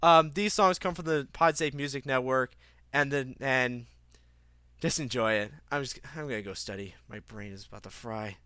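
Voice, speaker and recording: A man's voice: medium pitch, moderate pace, bright, forceful tone, smooth, no echo. A young man hosting a casual gaming news podcast, rambling with many fillers and restarts. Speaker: podcast host.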